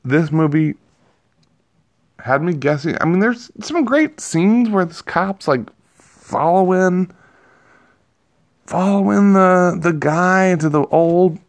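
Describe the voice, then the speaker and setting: A man giving a rambling, profane, self-amused movie review in a casual vlog. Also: a little high. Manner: rambling, profane, laughs at himself.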